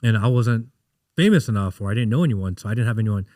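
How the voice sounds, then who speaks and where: A man in his thirties, a podcast guest, chatting casually and telling animated stories in which he acts out what people said. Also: on the low side, fast talker, no room sound, studio quality. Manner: animated storyteller, acts out quotes. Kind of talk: casual interview chat.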